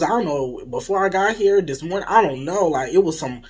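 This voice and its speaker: A young adult vlogger telling a story to viewers in a casual, animated way, swearing freely and dropping into dramatic whispers. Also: mid-range voice, brisk, slightly rough.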